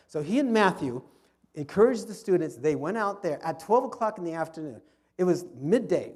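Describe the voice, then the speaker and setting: A man's voice: sits high, animated, moderate pace, a little mellow, breathy edge. A man giving an informal history talk in a fellowship hall, telling the story with frequent restarts and repeated words. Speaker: history club speaker.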